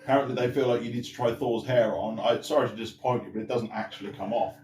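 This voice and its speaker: A man's voice: medium pitch, fairly even intonation, fast, darkish tone. A young man from the east of England chatting on a home livestream, with dry, teasing humour. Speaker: livestream co-host. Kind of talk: casual livestream chat. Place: home living room. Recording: roomy, distant mic, music behind. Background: music playing.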